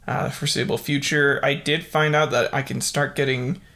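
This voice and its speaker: A young man hosting a casual solo podcast, reading facts haltingly with lots of fillers and breaking into excited exclamations. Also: medium pitch, creaky. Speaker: podcast host.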